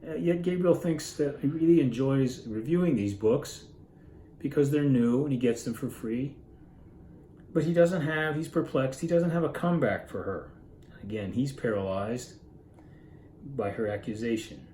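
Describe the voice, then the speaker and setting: A man who reads literature retells a classic story and explains it in an earnest, informal summary, musing aloud and correcting himself along the way. His mid-range voice is mellow and expressive at normal speed, but the audio is poor, roomy, with a little hiss or hum.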